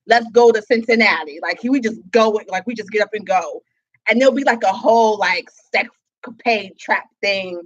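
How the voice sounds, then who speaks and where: A young woman co-hosting a casual gossip chat, loud and animated, swearing and laughing often. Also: mid-range voice, moderate pace, highs cut off. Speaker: co-host.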